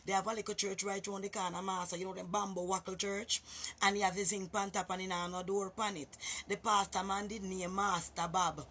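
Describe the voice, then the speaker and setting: A Jamaican woman spins a casual story for her viewers, chatty and direct, calling out to her listeners as she goes. Her voice is bright yet husky. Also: medium pitch. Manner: chatty, addresses listeners as boy and master.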